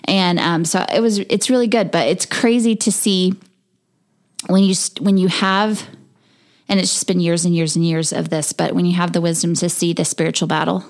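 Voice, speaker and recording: A woman in her thirties with a slightly low voice tells a story in a relaxed, conversational way. She acts out her son's whining complaints and her own weary replies. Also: normal speed. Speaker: podcast co-host. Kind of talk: casual storytelling chat.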